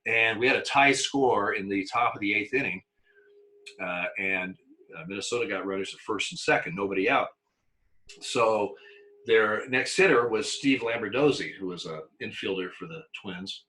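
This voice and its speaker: An older man recounting his umpiring days in a casual interview. His voice is very bright and sharp, and he stumbles over repeated words and breaks into laughter. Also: on the low side, moderate pace, poor audio. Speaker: former umpire.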